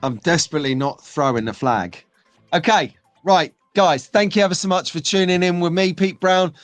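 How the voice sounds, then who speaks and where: A man's voice: sits high, moderate pace, no echo, faint music behind. A man hosting a live stream, chatting in a rambling, jokey way while reading out viewer comments. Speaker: host.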